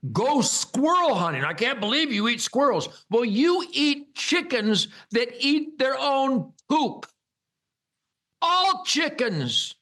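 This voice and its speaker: An older American man holds forth in a rambling monologue, bombastic and mocking. His voice sits somewhat high for a man and leaps upward in loud bursts when he gets going. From United States. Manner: bombastic, mocking, loud rants with sudden high-pitched outbursts. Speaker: host.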